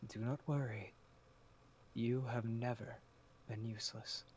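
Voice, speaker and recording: A man voicing a gentle, tentacled spirit of sorrow in a told story, speaking slowly and soothingly. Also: medium pitch, fairly even intonation, a little hiss or hum, natural voice. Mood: comforting.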